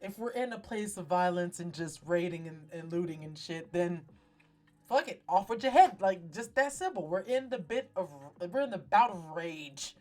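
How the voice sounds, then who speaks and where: A woman's voice: fairly low pitch, expressive, normal speed, darkish tone. Woman host, casual TV recap, salty slang, theatrical storytelling, faint music underneath. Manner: profane, slangy, dramatic storytelling. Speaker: talk show host.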